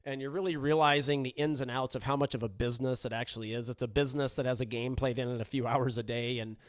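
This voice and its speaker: A middle-aged man tells a story on his podcast in a loose, conversational way, often restarting his sentences and dropping in "you know". His voice sits at an ordinary mid pitch. The recording is close and dry, with no room sound. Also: fairly even intonation, quick pace, no room sound. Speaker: podcast host. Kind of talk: storytelling in casual chat.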